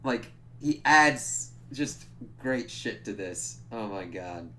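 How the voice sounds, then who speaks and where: A man recaps an episode in a casual, excitable review. His voice is bright and forceful. He swears often and strings thoughts together with lots of "like", over a faint hiss of noise. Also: on the low side, takes it slowly. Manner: excitable, profane, full of "like" fillers.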